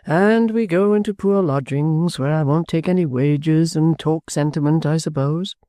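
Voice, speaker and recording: A man voicing an anxious, fussy actor with a high, plaintive delivery. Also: moderate pace, mellow, no room sound, studio quality, close to an everyday voice. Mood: fretful.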